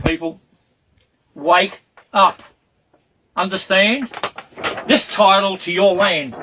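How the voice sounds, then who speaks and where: An Australian man, pitched high for a man, rants in an angry, accusatory monologue. He drives his points home with repeated commands. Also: rough recording. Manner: shouting, accusatory, repetitive demands.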